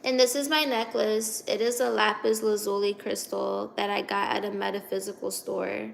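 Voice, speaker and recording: A woman's voice: medium pitch, level tone, moderate pace, creaky, a little hiss or hum. A young woman from Virginia hosting a casual livestream, chatty and giggly as she reads out and answers comments. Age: 20s. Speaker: livestream host reading chat.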